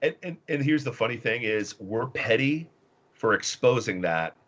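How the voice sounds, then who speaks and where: A man's voice: mid-range voice, lively intonation, normal speed, fairly bright tone, dull audio, a little hiss or hum. A man from the US Midwest, a guest on a talk show, ranting bluntly and combatively about politics. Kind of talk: casual political chat.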